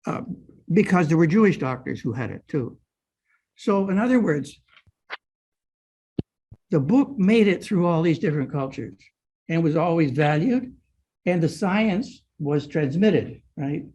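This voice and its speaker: A man's voice: fairly high pitch, lively intonation, measured pace, long pauses, a little mellow, breathy edge, muffled recording. An older man giving a guided lecture on an old manuscript, explaining step by step and often checking in with his listeners. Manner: explanatory, frequent "right?" checks.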